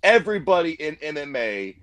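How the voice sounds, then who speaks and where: A man's voice: fairly high pitch, very animated, fairly quick, fairly bright tone, dry recording. A man from Ohio co-hosting a fight talk show, ranting bluntly and crudely. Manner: blunt, crude, heated rants. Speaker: co-host. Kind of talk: profane casual chat.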